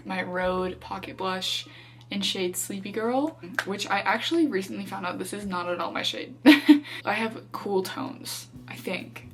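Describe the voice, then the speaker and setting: A woman's voice: fairly low pitch, fairly bright tone. A young woman chatting casually to camera as she gets ready, giggly and rambling with lots of filler words. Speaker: vlogger. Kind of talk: casual get-ready-with-me chat.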